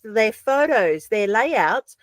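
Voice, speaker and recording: A woman with an Australian accent, a podcast guest telling stories in a chatty, animated way with lots of fillers. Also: fairly high pitch, slow pace, no echo. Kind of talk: casual chat.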